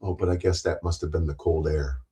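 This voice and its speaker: A man's voice: sits low, steady tone, fairly quick, warm tone, rough recording. A man hosting a livestream, ranting at his chat in a profane, taunting, confrontational way. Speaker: livestream host.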